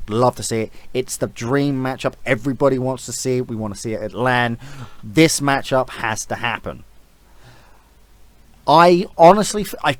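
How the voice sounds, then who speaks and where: A man giving a casual, rambling opinion rant as an esports vlogger, blunt and swearing freely. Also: medium pitch.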